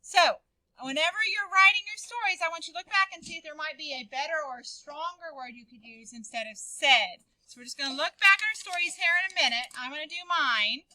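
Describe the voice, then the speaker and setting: A woman teaches young writers, calling on each child by name with encouragement. Her voice sits high and rings very bright. The sound is dry and close. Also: brisk, no echo, low-quality recording. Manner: encouraging, calls on students by name. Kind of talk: classroom writing lesson.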